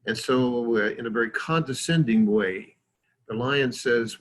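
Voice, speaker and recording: A man's voice: mid-range voice, unhurried. A man giving a conversational lecture with slides, digressive, with many fillers and self-deprecating asides.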